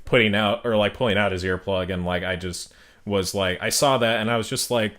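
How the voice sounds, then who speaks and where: A man's voice: on the low side, steady tone, a little fast, a bit bright. A young man guesting on a casual anime podcast, joking, laughing a lot and telling stories with energy.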